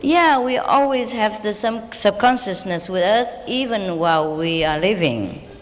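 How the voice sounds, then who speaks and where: A woman's voice: mid-range voice, animated, measured pace. A woman spiritual teacher giving a lecture and answering questions, playful and informal, laughing often. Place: large hall with audience. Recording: reverberant hall, faint background noise.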